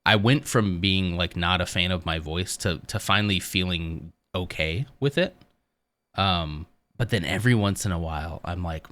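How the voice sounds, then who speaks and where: A man's voice: low voice, unhurried. A man streaming live from his home office, chatting casually and rambling a little as he talks to his viewers. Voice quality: smooth voice. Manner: rambling, relaxed, talks to chat.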